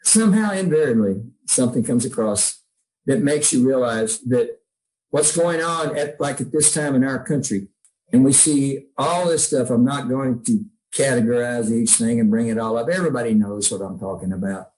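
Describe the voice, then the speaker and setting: A man's voice: mid-range voice, normal speed, darkish tone, a little hiss or hum, rough recording. A man, a songwriter, telling heartfelt stories in a casual interview, rambling with many restarts. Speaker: songwriter guest.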